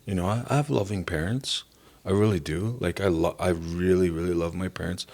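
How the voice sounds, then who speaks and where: A middle-aged man from Canada giving an earnest, halting personal testimony as a podcast guest. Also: low-pitched, a little mellow. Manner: earnest, halting, emotional at times.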